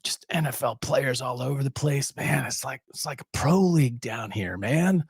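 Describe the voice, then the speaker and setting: A man's voice: medium pitch, normal speed, creaky, slightly rough, dry recording. A man voicing a laid-back California surfer fan who drawls and keeps saying "man", recorded dry and close. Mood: mocking. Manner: drawling, says "man" a lot.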